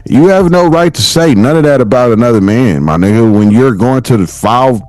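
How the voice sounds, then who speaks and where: A man's voice: mid-range voice, expressive, moderate pace, a little mellow, no room sound. A young American man hosting a solo podcast, ranting casually and profanely and laughing often. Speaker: podcast host.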